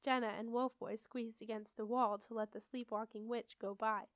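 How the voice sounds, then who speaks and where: A woman's voice: a little high, normal speed, no room sound. Woman reading a storybook, dry close sound. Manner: steady expressive read-aloud. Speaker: audiobook reader. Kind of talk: storybook narration.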